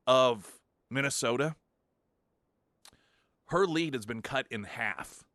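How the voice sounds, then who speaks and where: A man's voice: lowish voice, pushed and bright, dry recording, clean studio sound. A man hosting a morning talk radio show, chatting and giving opinionated commentary with many fillers and restarts. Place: radio studio. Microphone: studio microphone.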